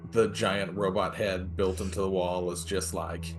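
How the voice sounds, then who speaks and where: A man's voice: low-pitched, flat delivery, normal speed, over music. A man playing a tabletop game who explains his moves in a rambling way, full of "like" and restarts. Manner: rambling, with lots of "like". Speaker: player. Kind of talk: casual tabletop play.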